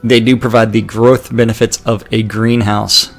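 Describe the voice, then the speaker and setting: A man co-hosting a game news show in casual chat, wry and chatty, with halting restarts while going through the news. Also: fairly low pitch, little pitch movement, faint music behind.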